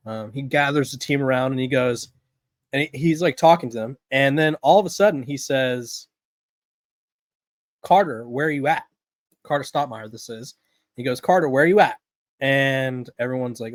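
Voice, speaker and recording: Casual sports podcast host, dry mic. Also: male voice, medium pitch, no echo. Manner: conversational, rambling with fillers and restarts.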